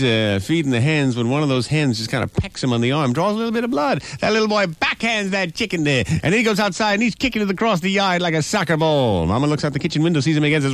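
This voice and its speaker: A male radio DJ telling jokes on a morning show, animated, with frequent "uh" fillers. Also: medium pitch, no room sound. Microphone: studio microphone.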